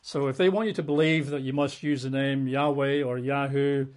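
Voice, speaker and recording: A man teaching about Bible manuscripts in a casual way, with dry, wry humor and slow pauses. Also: mid-range voice, steady tone.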